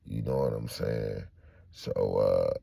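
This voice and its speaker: A man's voice: slow, vocal fry, breathy edge, no room sound. A man casually telling a true-crime story from his own life, in loose slang full of fillers and asides, and acting out the people he quotes. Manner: acts out quoted people, jumping much higher when excited.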